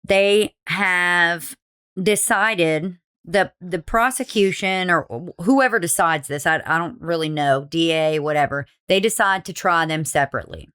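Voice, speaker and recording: A woman's voice: on the low side, unhurried, fairly bright tone, clear, resonant tone. A woman hosting a casual true crime podcast, swearing freely and acting out quotes from the people she talks about. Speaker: podcast host.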